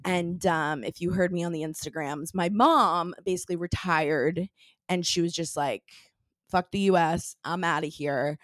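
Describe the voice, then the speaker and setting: A young woman hosts a casual podcast chat, bubbly and laughing often, and she puts on silly accents. Her voice sits on the low side at a normal speed. The clean studio recording has no room sound.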